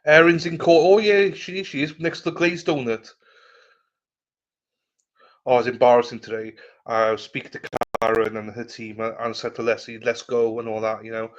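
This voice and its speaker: A man's voice: medium pitch, moderate pace. A man hosting a casual livestream chat. He greets viewers by name and swears freely as he rambles. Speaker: livestream host. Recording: slightly muffled lo-fi audio.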